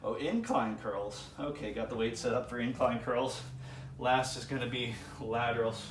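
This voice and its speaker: A man's voice: mid-range voice, normal speed. Guy vlogging his workout at the gym, rambly, kinda far from the mic, echoey room, bit of background hum. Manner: rambling, musing aloud between sets. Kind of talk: casual workout vlog.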